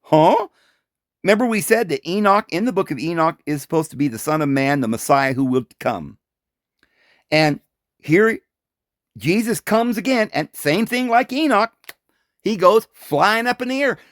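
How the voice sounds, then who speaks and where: A man talks through scripture in a loose, conversational teaching style, tossing out rhetorical questions and little laughs. His voice sits high and swings widely in pitch. The sound is close and dry, with no room around it. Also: no echo. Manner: animated, full of rhetorical questions and quick chuckles. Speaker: Bible teacher. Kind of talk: informal Bible commentary.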